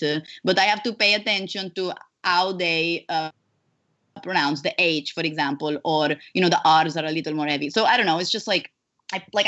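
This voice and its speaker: A woman voice actress chatting as an interview guest, animated, with lots of fillers and restarts. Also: fairly low pitch, highs cut off. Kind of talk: casual interview chat.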